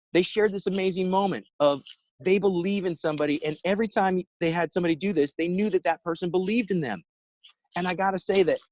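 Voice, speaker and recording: A man giving an inspirational talk over a video call, telling a story in an animated way and acting out the quotes. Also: fairly high pitch, no echo, low-quality recording. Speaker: inspirational speaker.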